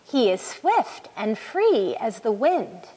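A woman voicing a wise, gentle old turtle in a storybook reading, speaking slowly and earnestly. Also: fairly high pitch, big pitch swings, slightly rough, exaggerated voice. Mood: solemn. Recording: long hall reverb.

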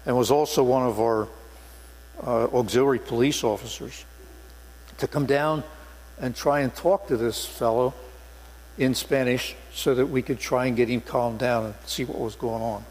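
A man's voice: mid-range voice, a little mellow. An older man, a former police sergeant, preaching a sermon in a church sanctuary with earnest storytelling and emphatic stresses. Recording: long hall reverb with mains hum.

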